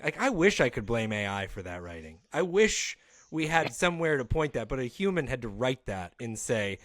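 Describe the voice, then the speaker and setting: A man's voice: mid-range voice, big pitch swings, normal speed, a bit bright, no echo. Dry-sounding wry podcast host, a man. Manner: wry, steers the talk with questions. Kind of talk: casual comedic movie review chat.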